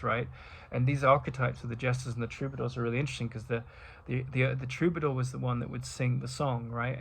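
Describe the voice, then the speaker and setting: Middle-aged male host, mid-pitched and gravelly, reflective rambling monologue. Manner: rambling, with many restarts and asides. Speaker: spiritual talk host.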